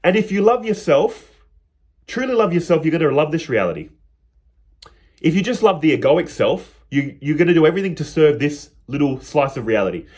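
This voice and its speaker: A man's voice: a little high, very animated, a little fast, a little mellow. A man teaching on spirituality in a reflective, spoken style, retelling a parable and slipping into the characters' quoted lines.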